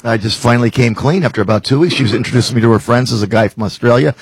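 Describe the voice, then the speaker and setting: A man's voice: mid-range voice, rapid-fire, slightly rough, no echo. A man, a comedian and regular on the show, telling self-deprecating stories in casual studio banter.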